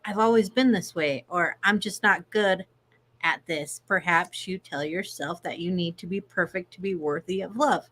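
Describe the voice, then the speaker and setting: A woman co-hosting a recovery livestream, reading self-help points in a steady, cheerful way. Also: on the low side. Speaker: recovery group co-host.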